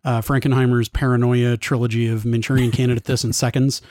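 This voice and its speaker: A man's voice: medium pitch, level tone, quick pace, darkish tone, no room sound. Dry-sounding man analyzing films. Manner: analytical, long winding sentences with restarts. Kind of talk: casual film discussion.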